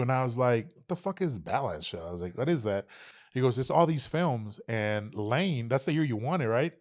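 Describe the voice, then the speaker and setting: A medium-pitched male voice at a moderate pace tells stories on a podcast. The speaker, a Texan in his thirties, is animated and swears heavily in this casual interview, acting out what people said to each other.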